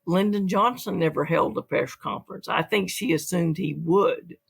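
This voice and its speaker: Husky, gravelly author telling a story. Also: mid-range voice, normal speed. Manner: lively storyteller who acts out quotes. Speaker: author and guest. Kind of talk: storytelling in an interview.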